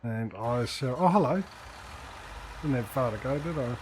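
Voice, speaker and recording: A man's voice: medium pitch, normal speed, a little hiss or hum. Man chatting over farm-sim gameplay. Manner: chatty, talks to in-game workers, dry jokes. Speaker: streamer. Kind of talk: casual gameplay commentary.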